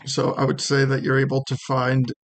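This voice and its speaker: A man running a tabletop role-playing game as game master, describing scenes in a hesitant, halting way with many restarts. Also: mid-range voice, monotone.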